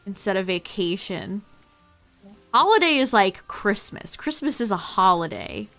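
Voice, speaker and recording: A woman's voice: mid-range voice, very animated, unhurried, fairly bright tone, soft background music. A young woman streaming a game, chatting playfully and giggling often. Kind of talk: casual chat while streaming a game.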